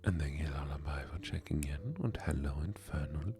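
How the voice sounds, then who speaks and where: A man's voice: rumbling low, a little fast, over music. Whispering man with a put-on German accent. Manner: soft, hushed, often whispering. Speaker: streamer. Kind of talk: soft-spoken ASMR and whispered poetry reading.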